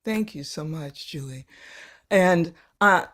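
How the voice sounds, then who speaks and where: A woman with a slightly low voice guides participants through a live online workshop. She talks gently and unhurriedly, often restarting and repeating words as she searches for them. Now and then she drops to a soft whisper for emphasis, heard over a video call. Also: animated, slow pace. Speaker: workshop facilitator.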